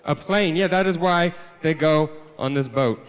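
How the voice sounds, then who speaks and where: Guy spinning a silly tale for kids, kinda high voice, big jumps then deadpan mutters, long echo. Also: measured pace, clear, resonant tone. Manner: animated, swings from hushed deadpan asides to loud exclamations. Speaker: children's author presenting. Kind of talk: live storytelling to a family audience. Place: library event space.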